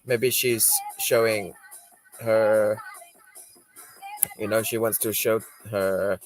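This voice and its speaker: A man's voice: fairly low pitch, steady tone, takes it slowly, faint music behind. A man hosting a livestream, chatting casually, laughing often and reading out viewer comments. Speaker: livestream host.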